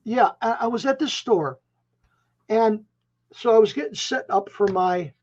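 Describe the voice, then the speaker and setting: A man in his seventies from Chicago, a musician guest telling stories in a rambling, animated way, often restarting his phrases. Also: sits high, a little slow. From Chicago, USA. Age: 70s. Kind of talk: casual interview storytelling. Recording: dull lo-fi audio.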